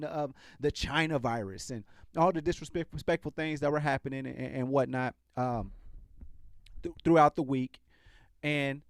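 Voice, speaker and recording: A man's voice: on the high side, smooth, no echo, studio quality. A man hosting a podcast, talking in a casual, sarcastic commentary style and often restarting his sentences. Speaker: podcast host.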